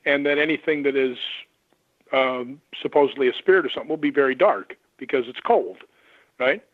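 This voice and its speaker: A man who investigates the paranormal, telling lively stories and acting out the voices of the people in them. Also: mid-range voice, fairly quick, no echo. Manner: animated anecdotes, acts out quoted voices. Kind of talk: storytelling on a radio call-in. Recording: tinny phone line.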